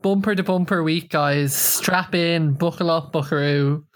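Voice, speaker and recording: Wry, slow Irish woman podcaster. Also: deep voice. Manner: wry, playful. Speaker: podcast co-host. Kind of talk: casual chat.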